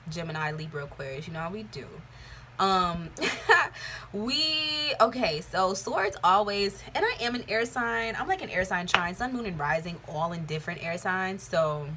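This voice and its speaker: A young woman gives a tarot reading in a loose, chatty way. She is frank and rambling and swears freely. Her voice is bright and forward, with a faint hiss of noise behind it. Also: mid-range voice. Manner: candid, profane, rambling. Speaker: tarot reader. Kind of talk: casual tarot reading vlog.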